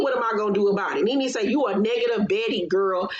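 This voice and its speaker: A woman's voice: a little high, fairly quick, hardly any pauses, slight background noise. A woman recapping a reality TV episode in a blunt, sassy, heavily profane casual style. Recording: roomy, slightly dull recording.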